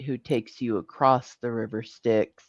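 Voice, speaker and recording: A podcast co-host talking in unhurried casual chat and laughing often. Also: medium pitch, steady tone, dry recording, muffled recording.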